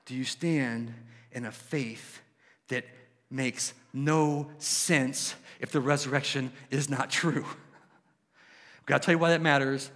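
A man preaching a sermon with passion, swinging between loud exclamations and hushed questions. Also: medium pitch, fairly even intonation, slow, in a large hall. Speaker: pastor.

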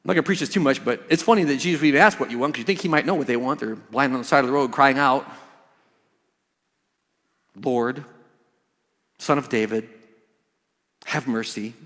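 A man's voice: mid-range voice, racing, hardly any pauses. Preaching man in a reverberant church. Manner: emphatic, swings from hushed to loud. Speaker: pastor. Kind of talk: sermon.

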